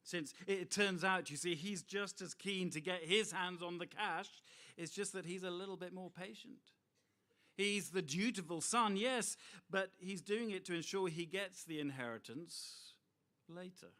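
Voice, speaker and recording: A middle-aged man preaching a sermon, expressive and full of rhetorical asides to his listeners. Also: sits high.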